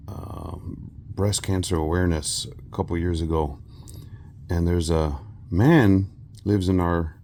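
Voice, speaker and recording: A man from South Texas chatting casually while he works, a rambling storyteller who often clears his throat. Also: low-pitched, dark tone. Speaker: resin crafting vlogger.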